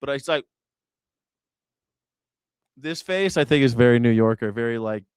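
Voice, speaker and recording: A man hosting a live reaction stream, riffing and joking in loose, rambling commentary. His voice comes through smooth and crisp, recorded dry and close with no room sound. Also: medium pitch, lively intonation, unhurried, no echo. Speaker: host.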